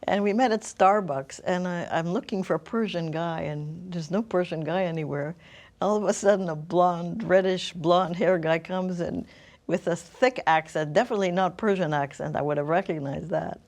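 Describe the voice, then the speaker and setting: A middle-aged woman from Israel, a guest in an interview, telling her life story in a thoughtful way, often pausing to search for words. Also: lowish voice, a little mellow. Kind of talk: reflective personal storytelling.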